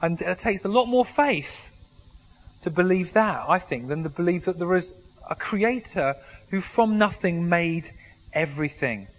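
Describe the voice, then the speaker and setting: A man's voice: high-pitched, expressive, measured pace, low-quality recording. A man preaching a sermon in a conversational way, with humorous asides and frequent restarts. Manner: conversational, self-deprecating humour, frequent restarts. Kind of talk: sermon with anecdotes.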